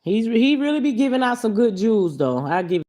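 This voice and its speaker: A woman hosting a live stream, reacting to clips and chatting with viewers in a blunt, profane, animated way. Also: on the high side, fairly quick. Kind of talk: casual live-stream commentary.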